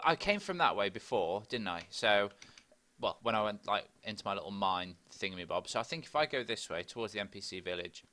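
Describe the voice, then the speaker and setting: Talking to himself as he plays, a young man hosts a laid-back Minecraft let's play, full of chatty, rambling commentary. His voice sits fairly low in pitch and has a pushed, bright quality.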